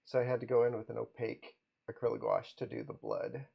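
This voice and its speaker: A man hosts a relaxed livestream, greeting viewers by name and chuckling as he talks. His voice is gravelly and sits at an ordinary pitch. The audio sounds dull and lo-fi. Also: fast. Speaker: livestream host, comic artist. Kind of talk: casual livestream chat.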